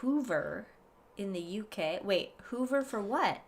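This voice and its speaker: A woman's voice: medium pitch, expressive, unhurried. A woman co-hosting a casual podcast, rambling and giggling, with lots of restarts. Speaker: podcast co-host. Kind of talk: casual chat.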